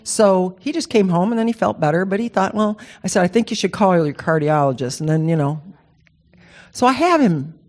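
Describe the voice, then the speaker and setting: Woman, rambling personal story, lively pitch swings, emotional, casual. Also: a little fast. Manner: animated, emotional, rambling with restarts. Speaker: speaker sharing a personal story.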